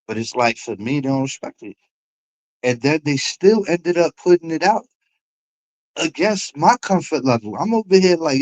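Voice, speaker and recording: A man's voice: on the high side, expressive, normal speed, a little mellow, poor audio. A young man with a New York accent, ranting bluntly and with profanity on his livestream about feeling disrespected. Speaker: livestream host. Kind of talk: heated livestream rant.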